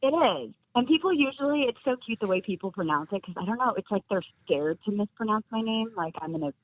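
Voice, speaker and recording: A woman's voice: mid-range voice, lively intonation, quick pace, narrow, tinny audio. A woman actress guest in a casual podcast chat, bubbly and laughing often as she acts out what people say to her.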